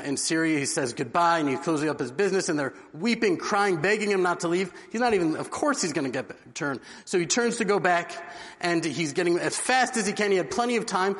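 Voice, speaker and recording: A man's voice: fairly high pitch, a bit bright. A man giving an inspirational religious talk, telling a story earnestly. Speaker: religious speaker. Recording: long hall reverb.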